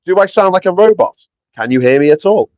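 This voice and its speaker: A man's voice: sits high, expressive, a little fast, darkish tone, no echo. A man hosting a casual live stream outdoors in the wind, chatty and sweary, reading viewers' comments aloud and short on sleep after a night of travel. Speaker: livestream host. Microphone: small clip-on mic with foam.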